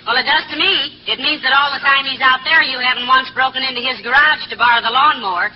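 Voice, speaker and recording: A woman plays a sensible, dry-witted wife who calmly deflates her husband's wild ideas. Her voice sits high, in 1940s radio comedy style, coming through a muffled old broadcast with hiss. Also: fast, lightly acted. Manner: dry, teasing, level-headed.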